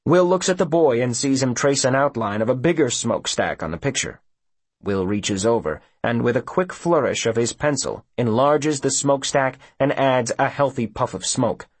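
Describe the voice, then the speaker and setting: A male audiobook narrator with a husky voice and a lively, rising and falling delivery. He tells the story expressively, recorded close and dry with no room sound. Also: mid-range voice, normal speed, dry recording. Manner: expressive storyteller voicing each character.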